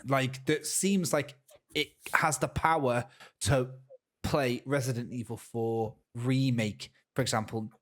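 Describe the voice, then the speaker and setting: A man co-hosting a podcast, talking in an excitable, stammering casual way. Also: medium pitch, slow. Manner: animated, excitable storytelling with stammers. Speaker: podcast co-host. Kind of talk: casual chat.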